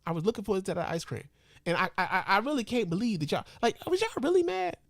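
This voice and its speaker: A man hosting a comedic podcast, ranting in a profane, mock-outraged way that swings from loud outbursts to low mutters and chuckles, speaking into a podcast microphone. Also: very animated, fast, creaky, dry recording, clean studio sound. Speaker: podcast host.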